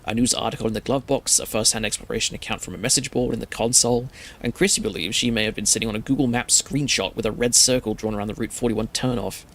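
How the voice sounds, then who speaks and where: A man streamer narrating a scary story in a steady, measured reading. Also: lowish voice, a little hiss or hum.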